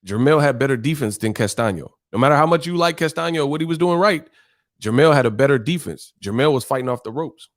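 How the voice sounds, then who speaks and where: A man's voice: mid-range voice, animated, quick pace. Blunt, foul-mouthed male streamer. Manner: blunt, combative, heavy cursing. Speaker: boxing streamer host. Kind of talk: casual live-stream rant.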